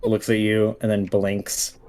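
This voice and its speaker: A man's voice: fairly low pitch, completely flat delivery, a little slow, a little mellow. A man running a tabletop game as game master, narrating in a casual, chuckling way full of fillers.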